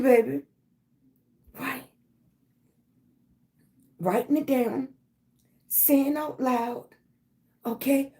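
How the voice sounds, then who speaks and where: Slow, emphatic motivational woman. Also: high voice, warm tone. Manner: emphatic, repetitive affirmations, calls viewers baby. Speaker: livestream host. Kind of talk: motivational livestream talk.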